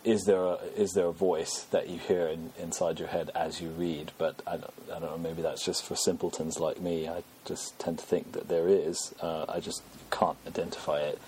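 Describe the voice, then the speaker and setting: A man with a very low voice chats casually as a podcast host. He rambles and undercuts himself with plenty of ums. Faint background hiss sits under his speech. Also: little pitch movement, normal speed, few pauses, dark tone. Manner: rambling, self-deprecating, many fillers. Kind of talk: casual chat.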